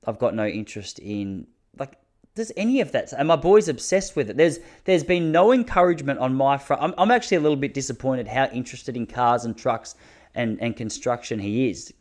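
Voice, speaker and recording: An Australian man in his thirties, hosting a podcast and telling rambling, self-mocking comic stories with quick asides. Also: mid-range voice, a little mellow. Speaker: podcast host. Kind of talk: comic storytelling monologue.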